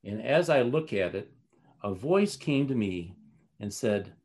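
A man's voice: mid-range voice, unhurried. Rambling man telling a story. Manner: rambling, animated, with many fillers and restarts. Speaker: guest. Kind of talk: casual storytelling.

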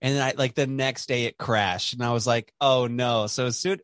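A man in casual podcast conversation who rambles and restarts his sentences, dropping fillers and the odd swear word. His voice sits at an everyday middle pitch. The recording is dry with no room sound. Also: fairly even intonation, fairly quick, fairly bright tone, no room sound. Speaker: podcast host.

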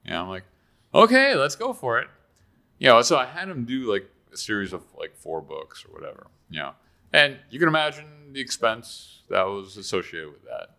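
A man speaking as a guest author in casual conversation, halting and often restarting his words. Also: on the low side, big pitch swings, gravelly, sharp tone.

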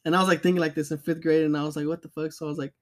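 A young man with a voice a touch higher than most men chats casually as a podcast co-host. He tells stories loosely, swears a lot, and fills his talk with fillers and chuckles. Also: little pitch movement, racing. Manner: loose, profane storytelling with frequent fillers and laughs. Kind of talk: casual chat.

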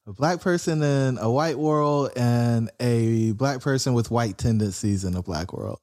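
A man hosting a casual interview, drawing his guest out with playful, teasing remarks. His voice has an ordinary pitch for a man. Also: a little slow, darkish tone.

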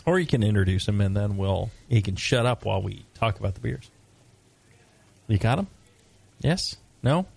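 A man's voice: on the low side, expressive, moderate pace, vocal fry, long pauses, a little mellow. A man hosting a casual beer talk show, joking and teasing his guests. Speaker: podcast host.

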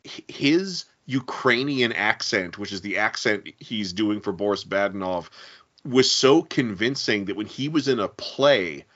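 A man co-hosting a casual podcast chat, telling stories in a lively way. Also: fairly low pitch, a little slow. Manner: lively anecdotal storyteller. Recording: dull lo-fi recording.

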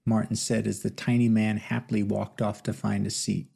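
A man narrating an audiobook novel with steady, measured storytelling. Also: fairly low pitch, vocal fry, breathy edge. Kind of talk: scripted narration.

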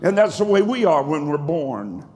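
A male pastor preaching a sermon in a rhythmic, cadenced style that swells into shouts. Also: fairly high pitch, very animated, moderate pace, big-room sound. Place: church sanctuary.

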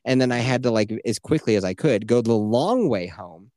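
A man co-hosting a casual podcast, telling long rambling stories with plenty of swearing and laughter at his own jokes. His voice sits at an ordinary middle pitch. It is recorded close and dry, with no room sound. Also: animated, moderate pace, warm tone, no echo. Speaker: podcast co-host.

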